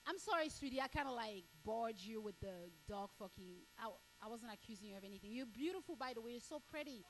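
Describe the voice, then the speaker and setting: A woman from Cameroon doing stand-up crowd work, blunt and crude, repeating herself and breaking into shouts. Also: a little high, animated, quick pace, slight background noise. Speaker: stand-up comedian.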